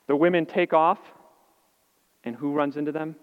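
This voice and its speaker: A male pastor preaching a sermon, earnest, with dramatic pauses and voice dropping soft on key words. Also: a little high, steady tone, clean tone. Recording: muffled, long reverb of a large hall.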